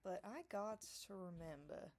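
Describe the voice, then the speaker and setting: A woman ranting to camera in a profane, sarcastic monologue, swinging between loud theatrical outbursts and low mutters. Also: normal speed. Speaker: vlogger.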